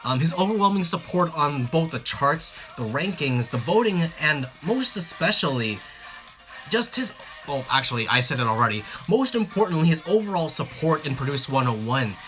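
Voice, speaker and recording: An excitable host talking casually on a livestream, full of fillers and quick restarts. The voice sits at a middling pitch, with faint music playing underneath. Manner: excitable, chatty, many fillers and restarts, giggly. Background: faint background music.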